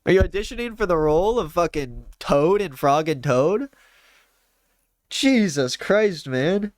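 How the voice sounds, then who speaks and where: A young man hosting a casual album reaction, loud and mocking, laughing often. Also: high-pitched, expressive, unhurried, no room sound, clean studio sound. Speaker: music reaction host.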